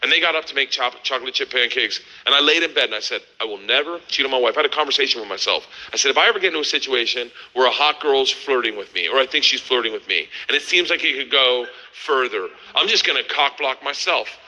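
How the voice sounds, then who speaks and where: A middle-aged man telling a wild story as a stand-up comedian, loud and animated, yelling punchlines in high voices. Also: quick pace, hardly any pauses, rough recording.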